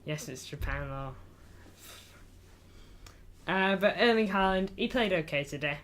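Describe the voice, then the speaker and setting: A man's voice: high voice, expressive, measured pace, fairly bright tone, a little hiss or hum. A man streaming live about football in a casual, jokey way, reading viewers' messages aloud and calling them lad, in front of a green screen indoors. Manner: chatty, jokey, reads chat aloud, calls viewers lad.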